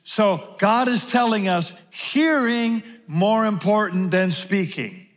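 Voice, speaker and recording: A high-pitched male pastor preaching slowly and deliberately, leaning on repeated phrases to drive his points home. His voice carries a long reverb from a large hall. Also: lively intonation. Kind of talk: sermon. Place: large room with audience.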